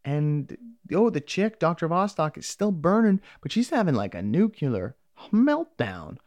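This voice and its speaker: A man's voice: a little high, very animated, unhurried, darkish tone, dry recording. A man casually recapping a TV episode, rambling and swearing freely as he acts out lines from the characters.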